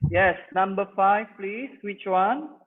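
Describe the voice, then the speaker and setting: A man with an Indonesian accent leads an English test-prep class, reviewing TOEFL listening by quizzing his students and explaining every answer. His voice is high and his pace slow. The recording sounds tinny, like a phone, with a long echo.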